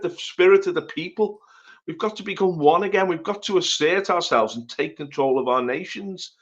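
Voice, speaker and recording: A man's voice: on the high side, fairly bright tone, muffled recording. A man talking on a political live-stream panel. He is emphatic and rousing, firing rhetorical questions and repeating phrases for effect.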